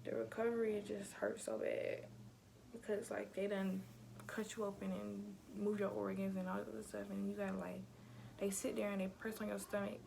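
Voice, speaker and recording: A young woman chats to her camera in a loose, slangy storytime voice with a gravelly vocal fry. She keeps calling her viewers y'all and often sinks into a soft whisper as she talks. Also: mid-range voice, flat delivery, normal speed, slight background noise. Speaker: vlogger telling her birth story.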